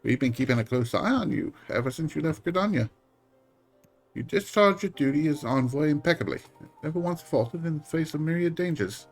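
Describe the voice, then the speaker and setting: A man's voice: on the high side, lively intonation, a little fast, voice pushed up. A man voicing a formal, earnest envoy of a secret order in a game, reading with a stately, courteous delivery over faint music.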